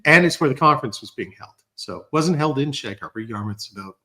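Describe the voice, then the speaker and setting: A filmmaker guest telling animated anecdotes with dry humor in a casual podcast chat. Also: male voice, medium pitch, fast talker.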